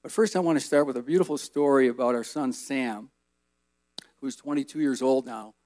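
A man in his fifties giving a relaxed, rambling personal testimony as guest speaker at a church service. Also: mid-range voice, normal speed, no echo. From Colorado, USA. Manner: relaxed, folksy, rambling with fillers.

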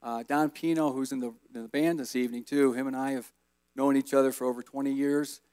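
A man in his fifties giving a relaxed, rambling personal testimony as guest speaker at a church service. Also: mid-range voice, brisk, clear, resonant tone, dry recording. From Colorado, USA. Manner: relaxed, folksy, rambling with fillers.

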